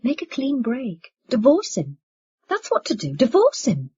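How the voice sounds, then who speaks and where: An agitated eighteen-year-old son, read by a woman, pressing his mother with urgent, pleading insistence. The voice is husky. The recording sounds dull and lo-fi. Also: a little high, huge pitch swings, measured pace, dark tone, no room sound, pitched above the performer's own voice, full character voice.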